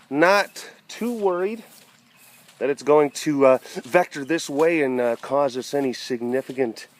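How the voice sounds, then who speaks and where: Rambling, jokey man outdoors. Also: on the high side. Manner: rambling, jokey, coos at the cats, breaks into playful sound effects. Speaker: big cat sanctuary keeper and webcast host. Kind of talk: casual outdoor vlog chat. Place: outdoors at an animal compound during rainy weather.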